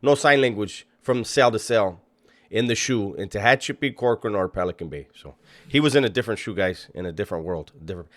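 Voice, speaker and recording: A man's voice: lowish voice, expressive, fairly quick. A man commenting on a video clip he is playing, mocking and incredulous, swearing freely. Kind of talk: reaction commentary.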